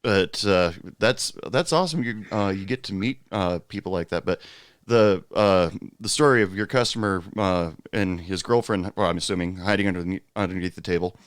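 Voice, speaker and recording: A man's voice: low voice, normal speed, clear, resonant tone, no echo, studio quality. A man hosting a podcast, chatting casually and swapping bar stories in a laid-back way. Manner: laid-back, lots of fillers, laughs along. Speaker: podcast host, former bartender.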